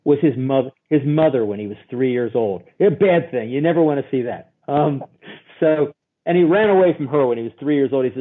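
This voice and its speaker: A husky-voiced man speaks over a thin, phone-like line from a remote call. He explains things as a guest therapist, telling little stories and acting out the people he quotes. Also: mid-range voice, a little fast. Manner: acts out quoted voices, animated storytelling. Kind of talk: expressive explaining.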